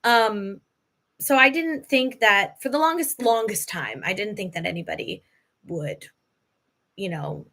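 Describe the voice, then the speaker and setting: A woman's voice: a little high, expressive, measured pace, a bit bright. A woman hosting a live podcast Q&A, chatty and emotional, laughing often as she talks. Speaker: podcast host. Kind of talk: live Q&A chat.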